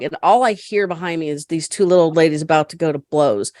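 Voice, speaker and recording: A woman's voice: on the low side, fast talker, dry recording. Chatty woman telling a story, dry sound. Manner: chatty, animated, laughs often. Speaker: podcast guest, caregiver advocate. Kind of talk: storytelling in casual conversation.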